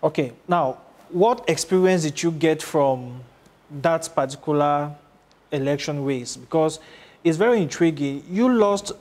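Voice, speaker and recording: Male interviewer, fairly high voice, formal and polite, probing questions. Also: unhurried, darkish tone.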